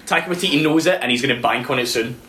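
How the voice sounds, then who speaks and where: A man's voice: mid-range voice, racing, background noise. A young man in casual podcast chat, rambling and sweary with lots of "like". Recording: roomy echo.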